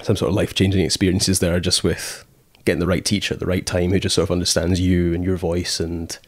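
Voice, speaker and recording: A man's voice: deep voice, level tone, fast, dry recording. A Scottish man in casual conversation, rambling with many fillers and acting out quoted thoughts as he tells stories. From Scotland. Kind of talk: casual chat.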